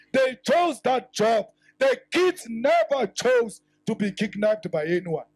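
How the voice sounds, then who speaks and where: A South African politician giving an impassioned rally speech, rising to shouts and mixing in Sotho phrases. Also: male voice, high-pitched, breathy edge, dry recording, poor audio.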